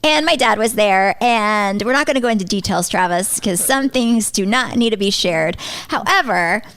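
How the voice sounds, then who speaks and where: Animated woman telling a story, dry mic. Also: medium pitch, moderate pace, smooth, no room sound. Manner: animated, laughing storyteller, self-mocking. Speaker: podcast host. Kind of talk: casual storytelling chat.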